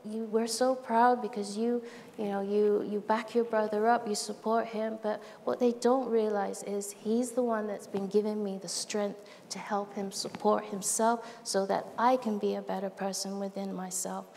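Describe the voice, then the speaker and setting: A woman speaks on a stage into a microphone, her voice in a middle register. She talks in a heartfelt, animated way and acts out bits of dialogue as she tells stories. A long hall reverb trails behind her, with a faint hiss underneath. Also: mid-range voice, normal speed, vocal fry. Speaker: speaker at a live event. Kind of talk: heartfelt public talk. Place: large event stage.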